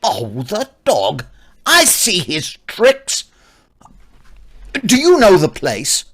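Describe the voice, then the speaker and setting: A woman playing a blustering old gentleman. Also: fairly low pitch, wildly swooping pitch, drawn-out words, exaggerated voice. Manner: blustering, exclaiming. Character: irate old gentleman, hot-tempered father. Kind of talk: stage comedy acting.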